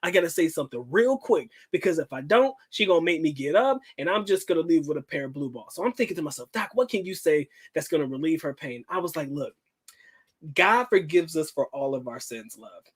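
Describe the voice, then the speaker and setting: A man hosting a livestream, telling a personal story in a casual, slangy, profane way and acting out the quotes with lively swings. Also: a little high, brisk, slightly rough. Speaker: livestream host.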